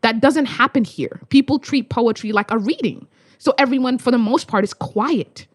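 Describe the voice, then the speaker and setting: A young woman from Australia, a spoken word poet, telling stories in a casual conversation, animated and swearing freely. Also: on the high side, normal speed, no echo, studio quality. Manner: animated, swears freely, acts out voices in anecdotes.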